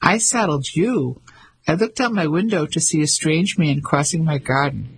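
A man's voice: a little high, moderate pace, gravelly, husky, full character voice, poor audio. A man doing a haughty Englishwoman. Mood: indignant. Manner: defiant, demanding. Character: indignant haughty Englishwoman, middle-aged.

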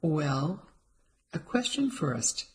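A narrator voicing a prim, cheery and stubborn elderly woman in an audiobook, with a lifted, bright delivery. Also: mid-range voice, very animated, extremely slow. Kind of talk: audiobook character voice.

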